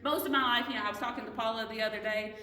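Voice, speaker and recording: A woman's voice: a little high, fairly even intonation, racing, bright, forceful tone. Woman Bible study teacher, earnest and questioning, recorded from a distance in a roomy hall. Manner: earnest, questioning, restarts mid-sentence.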